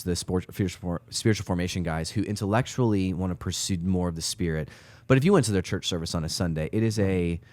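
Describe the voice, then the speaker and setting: Emphatic low-voiced man, dry sound. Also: no room sound. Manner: emphatic, animated storytelling. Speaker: church podcast co-host. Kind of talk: casual chat.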